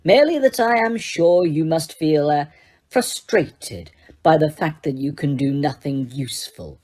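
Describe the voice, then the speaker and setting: A woman reading an audiobook, voicing a cold, sneering male teacher who speaks slowly, quietly and waspishly. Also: low-pitched, expressive. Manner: slow, quiet and silkily waspish.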